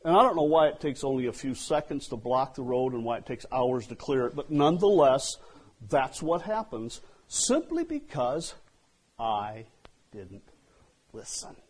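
A man preaching a sermon in an unhurried, husky voice. He tells his story with big swings in volume, rising to loud outbursts and then dropping to near-hushed asides. He sounds like a pastor speaking to his congregation. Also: medium pitch, sing-song.

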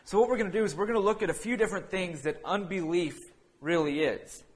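A man with a somewhat raised voice preaches a relaxed sermon, telling a family story as if chatting with friends. He wanders through his anecdote, restarting sentences and leaning on fillers along the way. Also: sits high, fast. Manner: breaks into laughter while telling a funny story.

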